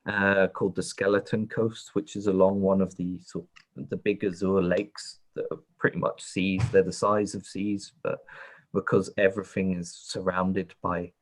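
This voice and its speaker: A man narrating a tabletop game as game master, pausing often with fillers. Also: low voice, little pitch movement. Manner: hesitant, many fillers.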